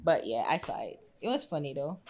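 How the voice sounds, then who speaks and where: A Jamaican woman co-hosting a podcast, chatting casually and telling animated stories, slipping into patois. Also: low voice, fairly quick. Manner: animated storyteller, slips into patois for quotes. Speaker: podcast co-host.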